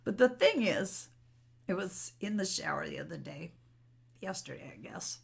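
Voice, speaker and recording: A woman's voice: fairly low pitch, very animated, moderate pace, gravelly, breathy edge. A middle-aged woman talking unscripted to her camera at home, rambling in a candid, personal way. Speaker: spiritual vlogger. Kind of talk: unscripted solo talk to camera. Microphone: camera mic.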